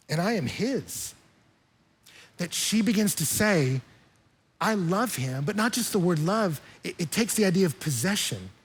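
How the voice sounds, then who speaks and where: A man's voice: sits high, husky. A pastor preaching a conversational sermon with humor, acting out quoted voices as he explains scripture. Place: church.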